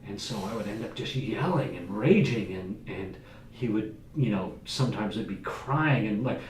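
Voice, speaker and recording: A man talks openly about his own life in a relaxed podcast chat, stopping and restarting his sentences. His voice sits low. The echoey room and the distant mic make him sound far off. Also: moderate pace. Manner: candid, talks with many restarts and fillers. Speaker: podcast guest. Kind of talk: casual conversation. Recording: echoey room, mics at a distance, faint noise.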